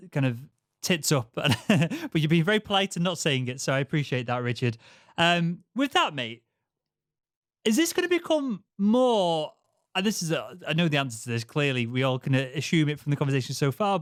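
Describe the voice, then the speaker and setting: Man, northern english accent, fairly high voice, chatty interviewer, long winding questions, dry close sound. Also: dry recording. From England. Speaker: podcast host. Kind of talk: casual interview chat.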